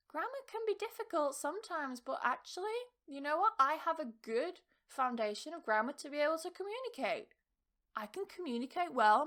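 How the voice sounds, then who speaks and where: Woman, high voice, English teacher and podcast host; casual, blunt, emphatic, swears now and then. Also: a bit bright. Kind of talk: casual motivational talk.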